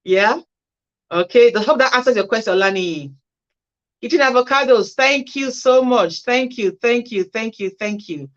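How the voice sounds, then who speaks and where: A woman's voice: fairly high pitch, moderate pace, dull audio. Woman answering viewers on a livestream. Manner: reads viewer comments aloud and answers with chatty advice. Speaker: care worker hosting a Q&A livestream. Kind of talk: casual livestream Q&A.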